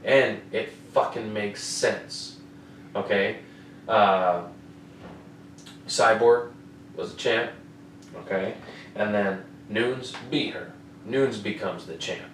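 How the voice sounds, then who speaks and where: This man's voice is on the low side and fairly bright, and he speaks slowly with long pauses. He's hosting a casual fight-recap podcast from a home room with an air conditioner, swearing frequently and repeating "you know what I mean?" The mic is far away, so the audio sounds roomy with a little noise.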